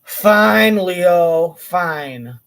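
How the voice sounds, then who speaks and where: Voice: mid-range voice, lively intonation, fairly quick, far from the mic, natural voice. A commentator voicing a reluctant actress who would rather stay in her hotel room. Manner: grudging, reluctant.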